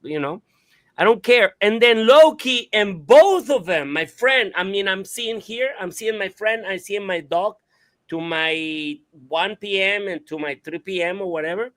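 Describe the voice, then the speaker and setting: A high-pitched man in no hurry tells a story on his radio talk show, casual and animated, with swearing and sound imitations.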